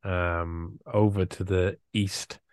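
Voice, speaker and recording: A man's voice: low-pitched, level tone, slow pace, no echo, clean studio sound. A man, hosting a casual conversation in a playful, rambling way. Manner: rambling, playful, many restarts. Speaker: host.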